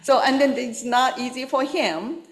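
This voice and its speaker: A woman Buddhist minister giving a gentle, unhurried dharma talk, telling a story with pauses and small fillers. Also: high-pitched. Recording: roomy hall sound.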